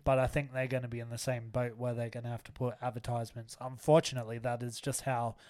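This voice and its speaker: A man's voice: mid-range voice, flat delivery, quick pace, a little mellow. Jokey man co-hosting a podcast. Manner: jokey, laughs often, tries silly accents. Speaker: podcast co-host. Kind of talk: casual chat.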